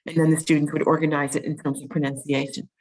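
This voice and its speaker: Lower-voiced woman teaching a webinar. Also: little pitch movement, fast talker, darkish tone, poor audio. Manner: explanatory, with frequent ums and restarts. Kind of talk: online teaching demonstration.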